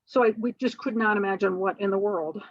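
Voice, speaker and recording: A woman's voice: medium pitch, steady tone, a little fast, no echo, lo-fi sound. A middle-aged woman, a guest on an interview show, tells a personal story in a rambling way, full of fillers and restarts.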